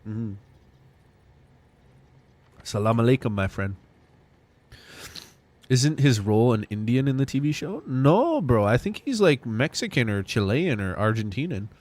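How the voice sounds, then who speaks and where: A young man streaming a game live, chatting loosely and excitably with viewers. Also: medium pitch, unhurried, pauses often. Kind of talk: casual live-stream chat.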